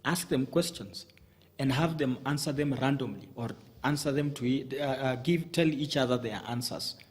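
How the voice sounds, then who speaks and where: At a moderate pace and in a mid-range voice, a male communication coach guesting in the studio gives methodical advice, breaking it into numbered points and restarting often.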